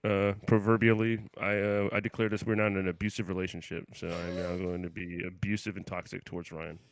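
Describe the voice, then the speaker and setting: A man co-hosting a comedy podcast over a remote call, mock-aggressive and crude, swinging from low mumbles to loud hype greetings. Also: flat delivery, a little fast, no echo. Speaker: podcast co-host. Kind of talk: casual comedic banter.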